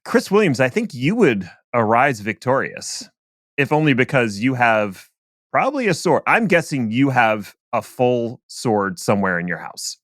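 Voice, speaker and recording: A man's voice: mid-range voice, big pitch swings, a bit bright, no room sound, studio quality. A man hosting a podcast, joking around in casual chat over a remote call. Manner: jokey, playful, quick to laugh. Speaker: podcast host.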